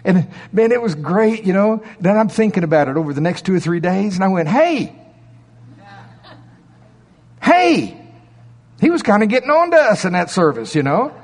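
A man's voice: sits high, very animated, fast, few pauses, big-room sound. Man preaching a conversational sermon. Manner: conversational storytelling with asides and rhetorical questions. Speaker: pastor.

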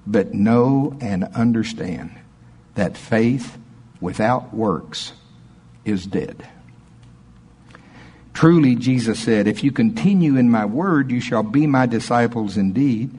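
A man preaching a sermon, telling stories with lively, animated delivery. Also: medium pitch, unhurried, husky. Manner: storytelling, animated in anecdotes.

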